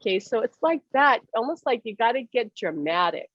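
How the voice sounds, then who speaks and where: Animated woman medium, dull dry sound. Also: fairly high pitch, brisk, no echo. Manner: animated, acts out voices, laughs often. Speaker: medium giving readings. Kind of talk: casual reading over a call.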